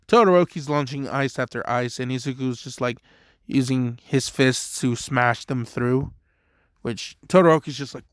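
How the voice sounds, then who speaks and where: A man's voice: mid-range voice, steady tone, a little slow, smooth, no echo, clean studio sound. A young man telling a fan story casually, rambling with lots of fillers. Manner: rambling, filler-heavy, laid-back.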